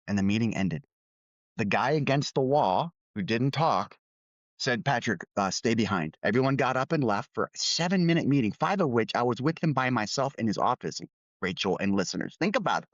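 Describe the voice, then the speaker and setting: A man's voice: fairly low pitch, dry recording, highs cut off. A middle-aged man co-hosting a podcast, candidly telling a workplace story with quoted dialogue. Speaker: podcast co-host.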